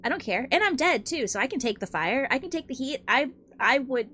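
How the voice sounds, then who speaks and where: A woman's voice: high voice, lively intonation, a little fast, pushed and bright, a little hiss or hum. A woman livestreaming while she draws, chatting casually. She is bubbly, laughs often and swears freely. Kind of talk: casual stream chat while drawing.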